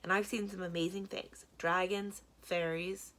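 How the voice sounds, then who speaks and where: A woman's voice: on the low side, level tone, a little slow, fairly bright tone. Woman reading as an earnest, loyal boy.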